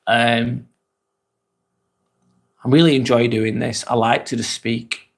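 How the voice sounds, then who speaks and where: A man's voice: mid-range voice, takes it slowly, creaky. Guy doing a chill live vlog, chatty, reading out comments and asking questions. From England. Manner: relaxed, chatty, asks many questions. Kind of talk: casual live-stream chat reading comments.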